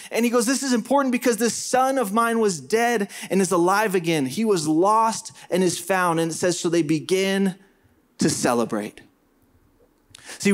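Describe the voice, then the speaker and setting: Pastor, male, middle-aged, slightly high-pitched; earnest emphatic sermon delivery. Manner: earnest, emphatic preaching with repeated phrases.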